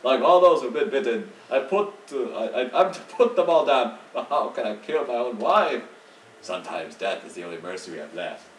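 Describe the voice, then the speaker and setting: Guy putting on a grim villager man, halting, voice swings around, echoey room. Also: medium pitch, animated, lightly acted. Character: desperate grieving village man, wife bitten. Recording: echoey room, mic at a distance, faint noise.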